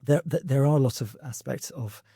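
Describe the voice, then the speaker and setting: Hesitant man, dark husky voice. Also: medium pitch, brisk, dry recording, studio quality. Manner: thoughtful, hesitant, many restarts. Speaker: podcast co-host. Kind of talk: casual academic discussion.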